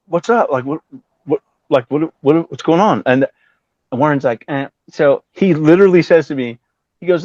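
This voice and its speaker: A man's voice: unhurried, long pauses, no room sound. A man in his fifties, a guest musician telling a story in a casual interview, acting out what others said and swearing often. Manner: animated, acts out quotes with big pitch jumps, swears often. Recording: dry, dull lo-fi audio.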